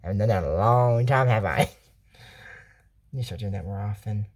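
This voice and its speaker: A woman's voice: very deep voice, normal speed, darkish tone. A woman hosting casual commentary on a cartoon episode, talking in a rambling, digressive way and often correcting herself mid-sentence. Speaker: channel host reviewing a cartoon.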